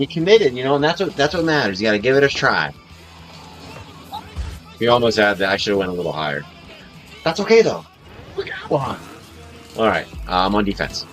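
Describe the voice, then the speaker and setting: A man's voice: medium pitch, sing-song, fairly quick, long pauses, a bit bright. A young father casually commentating a car game, encouraging and coaching his son as they play. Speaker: streamer playing with his son. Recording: music playing under the voice. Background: game music and car sounds.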